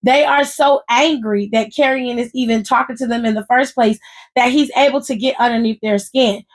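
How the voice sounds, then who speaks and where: A woman hosting a casual wrestling recap, telling it in an animated, profane, sassy way with frequent asides to her listeners. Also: fairly high pitch, normal speed.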